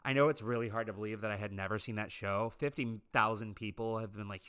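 A man's voice: mid-range voice, fairly even intonation, normal speed, few pauses, sharp tone, smooth. A man giving a casual, gossipy, opinionated commentary on a reality TV show.

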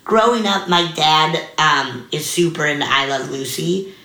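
A woman's voice: low-pitched, unhurried. A young woman telling a story in a casual interview, chatty and full of fillers, acting out the people she quotes. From US mountain region. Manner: chatty, many likes, animated quoted voices. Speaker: guest comedian. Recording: roomy echo.

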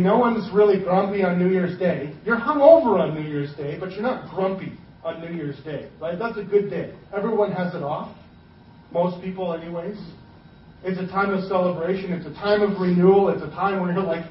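A man preaching a sermon in a casual, conversational way, slipping into quick acted asides. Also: high voice, a little hiss or hum. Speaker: pastor. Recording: roomy, distant, dull sermon recording.

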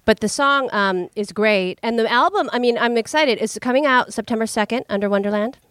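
A woman's voice: a little high, fairly quick, fairly bright tone, dry recording. Encouraging woman interviewer. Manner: encouraging, frequent short affirmations. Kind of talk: radio-style interview.

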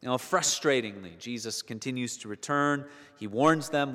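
A man's voice: medium pitch, moderate pace, hardly any pauses, a bit bright. Earnest male preacher in a reverberant hall. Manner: earnest, building to emphatic peaks on key points; repeats words while searching for phrasing. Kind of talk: sermon.

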